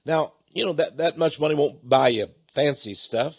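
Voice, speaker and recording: A man's voice: fairly high pitch, normal speed, gravelly, breathy edge, muffled recording. A man hosting a radio talk show, making a folksy, chatty appeal to listeners and often repeating his words.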